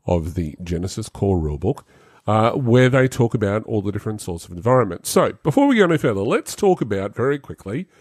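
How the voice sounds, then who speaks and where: A man hosting a tabletop game podcast in casual chat, animated and jumping high in pitch for jokes. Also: no room sound, clean studio sound. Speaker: game master podcast host.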